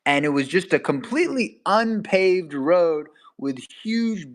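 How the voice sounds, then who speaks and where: Speaking at a measured pace, a young man tells a story in casual conversation. He's animated, laughs along the way, and acts out quotes with sudden leaps in pitch.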